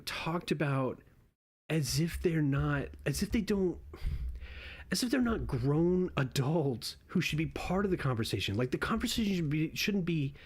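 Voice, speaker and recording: A young man doing casual reaction commentary, rambling and swearing freely, often restarting his sentences. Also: medium pitch. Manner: rambling and profane, with frequent restarts. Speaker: online commentator.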